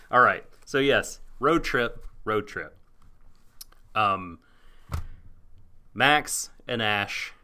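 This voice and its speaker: A podcast co-host on an anime show, this man has a fairly low, sharp voice with a clean tone. He talks casually but hesitantly, full of fillers and restarts.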